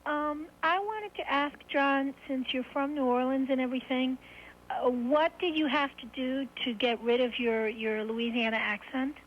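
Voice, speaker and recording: A woman's voice: high-pitched, fairly even intonation, normal speed. A woman in her twenties calling in to a talk show, asking a question in a hesitant, friendly way. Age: 20s. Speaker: caller. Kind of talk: phone-in question. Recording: dull phone-in line with faint noise.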